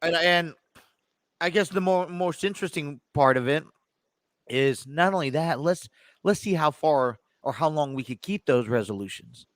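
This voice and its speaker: A man's voice: fairly high pitch, animated, normal speed, no echo. A man hosting his own sports talk podcast from a home studio, chatting casually with many fillers and restarts, a bit stuffy. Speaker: podcast host. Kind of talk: casual chat.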